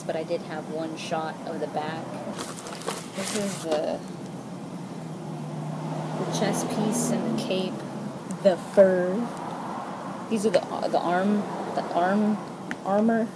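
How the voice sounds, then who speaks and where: A woman's voice: on the low side, steady tone, takes it slowly, long pauses, very noisy. A woman talking casually in a behind-the-scenes vlog, rambling and hesitant with many fillers, partly from her home garage. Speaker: cosplayer and video maker.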